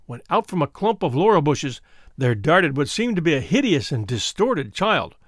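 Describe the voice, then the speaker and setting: A man's voice: high voice, fairly bright tone, dry recording, studio quality. A man narrating a story in a dramatic, suspenseful reading style. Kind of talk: scripted narration.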